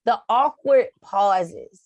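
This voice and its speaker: A woman's voice: mid-range voice, animated, drawn-out words, no echo, lo-fi sound. A woman co-hosting a casual film review, talking in laid-back slang, laughing and swearing. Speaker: co-host.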